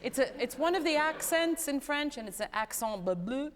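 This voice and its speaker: A woman teaching a vocal master class, animated and playful, who often sings short phrases to show what she means. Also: sits high, moderate pace, background noise. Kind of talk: coaching a singer in a master class. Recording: hall reverb, live concert hall.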